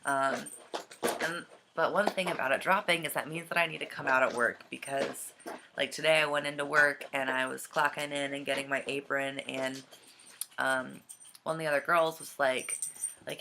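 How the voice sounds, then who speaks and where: A young man vlogging casually from home, with a slightly scratchy, gravelly voice and a hesitant way of talking full of ums. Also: medium pitch, fairly even intonation, normal speed, pushed and bright. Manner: hesitant, many ums and trailing thoughts. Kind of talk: casual vlog chat. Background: dog and cat noises.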